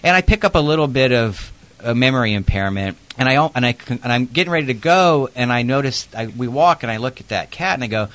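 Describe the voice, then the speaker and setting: A man's voice: medium pitch, lively intonation, quick pace, fairly bright tone. A man who works as an investigator, telling a work story in a chatty interview with plenty of fillers. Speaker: protective services investigator.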